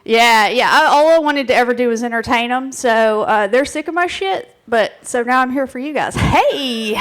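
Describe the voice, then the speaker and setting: A woman with a notably high voice gives a playful, crude comic talk. She is excitable and keeps calling out to the audience. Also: normal speed, hardly any pauses. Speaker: presenter at a live bar show. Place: bar stage with live audience.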